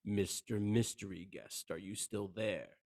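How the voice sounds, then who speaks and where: A man's voice: fairly low pitch, measured pace, no room sound, studio quality, natural voice. A man reading a cold, scheming male terrorist leader from a script, stumbling over some words. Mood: cool, mocking.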